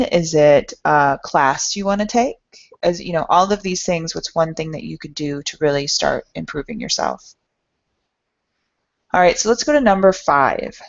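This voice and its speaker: Encouraging woman podcaster, slightly low voice. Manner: earnest, encouraging, speaks directly to listeners. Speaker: podcast host. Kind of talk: motivational talk to listeners. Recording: dull lo-fi sound.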